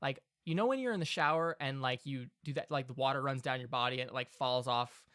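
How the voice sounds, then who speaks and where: A man's voice: medium pitch, quick pace, a bit bright, clean tone, dry recording, studio quality. A man narrating a tabletop game as game master, rambling with lots of "like" and everyday comparisons.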